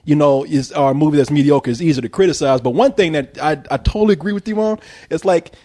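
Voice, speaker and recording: Quick-talking guy on a movie review podcast, fairly high voice, jokey and animated. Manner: animated, joking, laughs often, mimics characters. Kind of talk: casual movie review chat.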